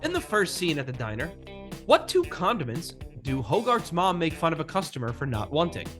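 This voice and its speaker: Bright-voiced playful man on a podcast. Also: fairly high pitch, wildly swooping pitch, a little fast, soft background music. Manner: playful, goofy jokes. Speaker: podcast co-host. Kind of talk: casual chat.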